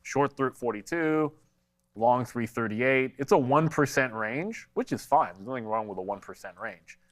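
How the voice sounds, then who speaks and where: A man's voice: mid-range voice, normal speed. Guy on a live stock stream, middle voice, blunt and chatty, bit stuffy from allergies. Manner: blunt, conversational, answers chat questions. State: congested from allergies. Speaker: stock market show co-host. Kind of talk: live trading commentary.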